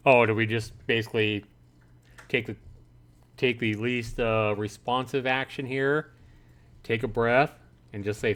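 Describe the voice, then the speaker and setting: A male streamer playing a visual novel reads game text aloud and riffs to viewers in a mid-pitched, slightly slow voice. He's animated, voicing his own reactions higher and louder.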